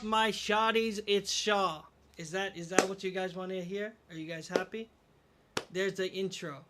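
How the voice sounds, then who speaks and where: A man's voice: high voice, a bit bright, a little hiss or hum. A young man streaming a game, casually commenting to his chat, frustrated, swearing and mocking himself. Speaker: gaming streamer.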